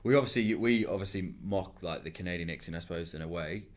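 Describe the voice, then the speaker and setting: A man's voice: low-pitched, quick pace. A man with a New Zealand accent co-hosting a podcast, teasing and full of banter. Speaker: podcast co-host. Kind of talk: casual podcast chat.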